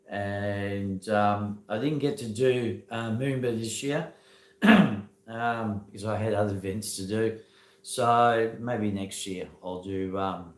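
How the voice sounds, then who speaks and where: A man's voice: on the low side, echoey room. An Australian man hosting a casual live stream, rambling with many ums and uhs and greeting viewers by name as he talks into a phone.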